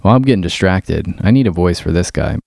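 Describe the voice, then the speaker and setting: Mocking man ranting, gravelly and low. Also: animated, brisk, a little mellow, no echo, clean studio sound. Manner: incredulous and mocking. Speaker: vlogger. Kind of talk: ranting commentary.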